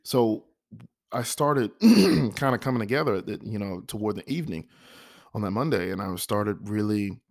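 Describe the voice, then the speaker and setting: Low gravelly man musing earnestly. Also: lively intonation, normal speed, darkish tone, no room sound, clean studio sound. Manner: earnest, repetitive, self-reflective. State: frog in his throat, clearing it. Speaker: vlogger. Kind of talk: reflective personal monologue.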